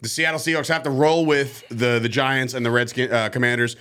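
A man hosting a casual sports betting podcast, animated and joking, laughing and swearing often. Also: medium pitch, a little fast, clean tone. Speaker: podcast host.

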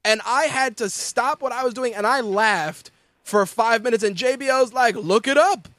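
A man hosting a casual wrestling and fight talk show, animated and profane, often mimicking the people he talks about. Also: extremely high pitch, moderate pace, no echo. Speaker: podcast host.

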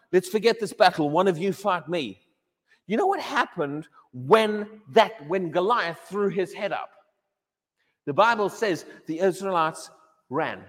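A male pastor preaching with a high, lively voice that swings up and down as he acts out the voices he quotes. His words ring with a long reverb from the church hall. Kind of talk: sermon.

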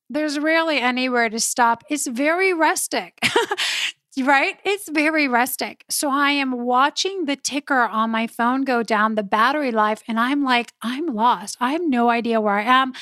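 A woman hosting a podcast, telling a personal story in a lively, casual way, laughing often and talking straight to her listeners. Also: high-pitched, dry recording, clean studio sound. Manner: animated, laughs often, addresses listeners directly. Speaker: podcast host.

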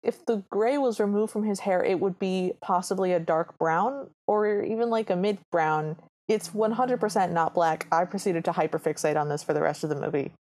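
A woman's voice: medium pitch, normal speed, few pauses, a little mellow. A woman co-hosting a podcast, adding dry, wry asides during a casual movie recap. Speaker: podcast co-host.

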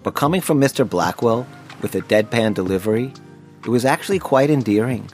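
A man's voice: mid-range voice, lively intonation, a little fast, faint music behind. A man narrating his own memoir in the first person, wry and self-deprecating.

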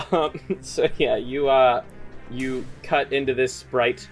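A man's voice: medium pitch, fairly even intonation, slow pace, soft background music. A man narrating a tabletop game as game master, casual and laughing, swearing freely.

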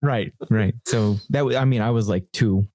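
A man's voice: fairly low pitch, normal speed, mellow, no echo. A man in his twenties in casual podcast chat, laid-back and rambling, swearing casually.

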